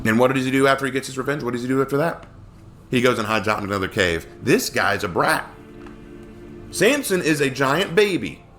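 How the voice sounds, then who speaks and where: A man teaching a casual Bible study, expressive and acting out quoted lines in character voices. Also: medium pitch, fairly quick, soft background music.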